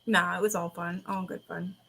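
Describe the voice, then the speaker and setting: A woman's voice: fairly low pitch, little pitch movement, moderate pace, creaky, pushed and bright. A woman host, chatting casually in a rambling, laughing way and reading ghost stories aloud.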